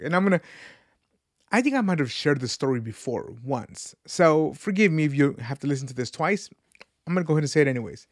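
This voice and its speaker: A man's voice: fairly high pitch, dry recording, studio quality. A man in his thirties hosting a podcast, talking in an earnest, rambling way about faith and life, repeating words as he searches for them. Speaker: podcast host. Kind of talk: casual reflective faith talk.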